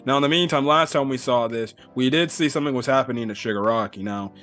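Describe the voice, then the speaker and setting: A man's voice: medium pitch, fast talker, fairly bright tone, faint music behind. A man casually recapping a comic chapter in a rambling way, full of fillers and the odd swear word. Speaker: manga reviewer.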